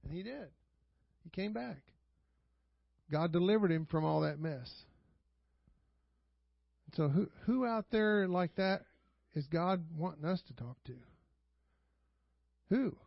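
A man's voice: high-pitched, lively intonation, slow pace, gravelly, pauses often, dry recording, muffled recording. A man preaching a sermon to his church, telling stories in a conversational way, chuckling often and asking the congregation rhetorical questions. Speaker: pastor. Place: church sanctuary.

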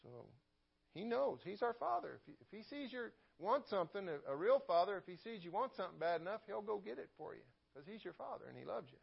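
A man's voice: high voice, big pitch swings, quick pace, creaky, breathy edge, muffled recording. A man preaching a sermon as pastor, in a conversational way, often repeating words and asking for an amen.

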